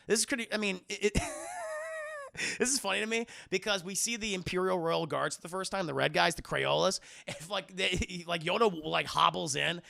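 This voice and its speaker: A man's voice: high voice, vocal fry, sharp tone. A man streaming a casual spoiler film review, crude, profane and rambling, laughing often.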